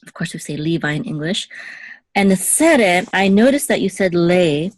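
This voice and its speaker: Low-voiced woman teaching Hebrew patiently. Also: lively intonation, moderate pace, no echo. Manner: patient, checks in with okay. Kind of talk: one-on-one language lesson.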